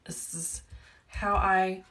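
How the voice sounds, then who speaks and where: A woman with a Southern US accent hosting a live wreath-making tutorial, chatty and talkative, with a calm, soothing voice. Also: medium pitch, slow pace. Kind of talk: live crafting tutorial chat. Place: home wreath workshop. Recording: a bit distant from the mic, faint background noise.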